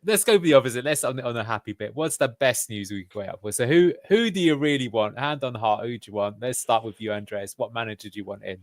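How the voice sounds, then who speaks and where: A man's voice: medium pitch, animated, quick pace, few pauses, no echo, clean studio sound. A man hosting a fan podcast, jokey and steering the conversation between guests. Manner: jokey, leads the discussion. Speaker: podcast host. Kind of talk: casual football fan chat.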